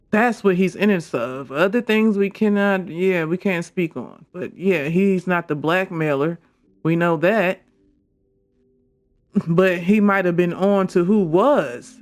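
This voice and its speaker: Excitable gamer commentating a playthrough. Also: medium pitch, slow pace. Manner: animated, exclaiming, laughing often. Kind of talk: casual let's-play commentary. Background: game music.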